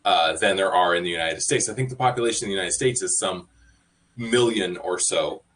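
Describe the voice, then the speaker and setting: A man hosting a podcast, talking in a measured, thoughtful way and hedging his claims. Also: low-pitched, a bit bright. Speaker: podcast host. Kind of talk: casual chat about news.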